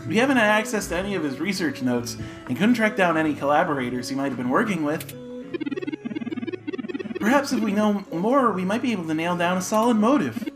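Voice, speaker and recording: A polite, earnest young robot asking formal questions, as a man reads it out, his pitch rising and falling a lot. Game music runs under the voice. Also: lively intonation, a little fast.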